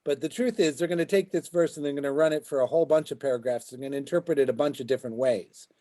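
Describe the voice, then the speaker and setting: A man's voice: fairly high pitch, very fast, warm tone. A man teaching a Talmud class as a rabbi, explaining the text and checking in with his students as he goes. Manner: explains as he goes, keeps asking "right?". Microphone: video call.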